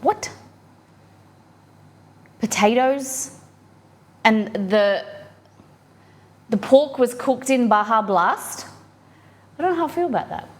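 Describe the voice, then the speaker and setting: A woman's voice: on the high side, lively intonation, slow pace, pauses often. A woman, chatting upbeat to her viewers while she cooks in her home kitchen. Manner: chatty, upbeat, reacts to chat while cooking. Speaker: cooking streamer. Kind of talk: live cooking stream chat.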